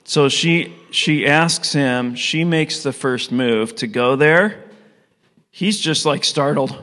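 A man's voice: medium pitch, normal speed, a bit bright. Middle-aged guy preaching in a church hall, chatty, asks the crowd stuff, long echo. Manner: casual, storytelling, asks the audience questions. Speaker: pastor. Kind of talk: conversational sermon.

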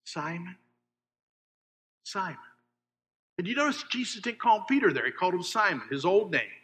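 Man, preacher, sermon, bright voice, fairly high pitch, long hall reverb. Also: big pitch swings, fast talker. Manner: swings from loud emphasis to hushed, asks the congregation questions.

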